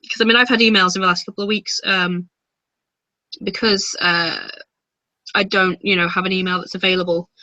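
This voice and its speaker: A woman chatting casually as a guest, rambling with many pauses and fillers. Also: lowish voice, bright, forceful tone, no room sound, lo-fi sound. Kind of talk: casual chat.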